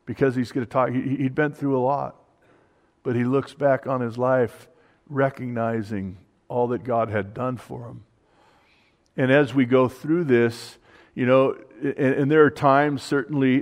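A man preaching a conversational sermon on a psalm, dropping his voice for the quoted prayers. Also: mid-range voice. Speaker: pastor. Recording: long hall reverb.

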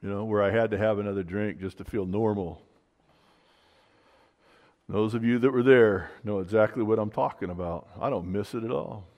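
A man's voice: fairly low pitch, moderate pace, muffled recording. A man preaching a sermon in a conversational way, often restarting and saying "you know". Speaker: pastor.

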